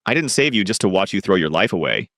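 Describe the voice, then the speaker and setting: A man's voice: low-pitched, very animated, fast, fairly bright tone, dry recording, clean studio sound, full character voice. A man voicing a brave young woman maid who speaks earnestly, in a storybook reading.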